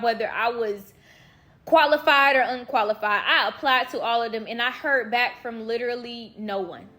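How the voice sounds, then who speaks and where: A young woman from Florida telling her story to viewers in a chatty, animated way. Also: fairly high pitch. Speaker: vlogger. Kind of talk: casual storytime.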